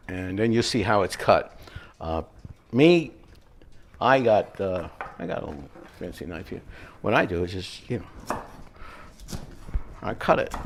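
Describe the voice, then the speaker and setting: A man hosting a home cooking show, chatting in a rambling, relaxed way as he tells stories while he cooks. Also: lowish voice, slight background noise. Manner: relaxed, mellow. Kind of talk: casual cooking demonstration with anecdotes.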